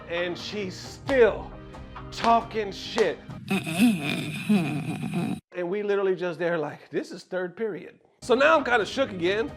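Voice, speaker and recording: A young man telling a true school story to viewers, animated and full of slang. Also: high-pitched. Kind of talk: storytime vlog.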